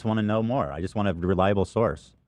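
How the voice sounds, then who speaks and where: A man's voice: fairly low pitch, quick pace, darkish tone, no echo, clean studio sound. A man in a heated casual debate, talking defensively and hedging his points. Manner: defensive, hedging, lots of "like" and "I'm just saying".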